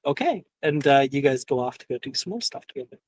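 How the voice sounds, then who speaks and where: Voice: mid-range voice, big pitch swings, fast, a little mellow, no echo. A game master narrating a tabletop game in a hesitant way, with many fillers.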